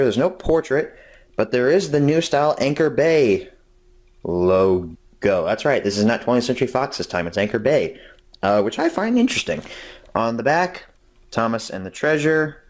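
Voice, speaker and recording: A man hosting his own review videos, talking in a casual, upbeat way and rambling with fillers as he walks through a product. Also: on the low side. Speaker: host of a video review series.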